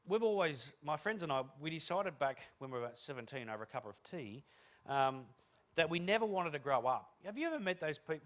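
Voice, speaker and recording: A man with a slightly high voice speaks from a stage, keynote style. He jokes his way through business stories, energetic and cheeky. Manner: energetic, joking storyteller. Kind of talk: humorous motivational talk.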